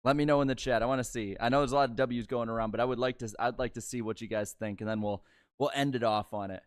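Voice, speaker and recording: A man's voice: medium pitch, steady tone, quick pace, clean tone. A man hosting a casual post-race livestream, talking in an easygoing, rambling way with lots of fillers. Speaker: livestream host.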